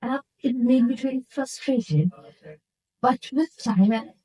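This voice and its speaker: Speaking unhurriedly in a high-pitched, warm, slightly rough voice, a nurse from India chats informally with an interview guest. She earnestly reflects on her own experiences, and the recording quality is low.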